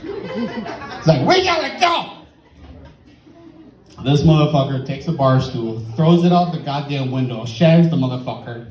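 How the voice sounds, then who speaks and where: A man's voice: mid-range voice, a little fast, few pauses, warm tone, reverberant, distant mic, rough recording. Tipsy man doing profane stand-up. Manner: profane, rambling storytelling. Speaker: stand-up comedian. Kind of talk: stand-up storytelling. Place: comedy club stage.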